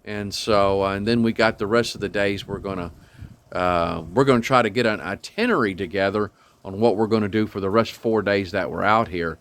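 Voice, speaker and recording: A man's voice: fairly low pitch, a little fast, fairly bright tone. An older man rambling through a casual travel vlog outdoors, with many ums and restarts. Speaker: RV travel vlogger. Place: outdoors at a state park campground. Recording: faint outdoor background noise.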